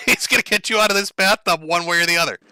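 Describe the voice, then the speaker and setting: A man's voice: high voice, fast talker, sharp tone, clear, resonant tone, dry recording. A man giving sarcastic, mocking commentary on a clip he is watching. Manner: sarcastic, mocking, breaks into laughter.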